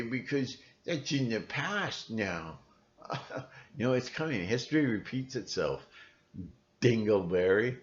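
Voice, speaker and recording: A man ranting on his own video channel in a rambling, sardonic monologue, with many restarts. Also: fairly low pitch. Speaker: video blogger. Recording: dull lo-fi recording.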